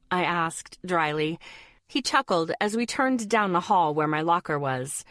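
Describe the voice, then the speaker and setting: Low-voiced woman narrating an audiobook. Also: animated, measured pace, a bit bright, no echo, studio quality. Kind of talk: first-person audiobook narration.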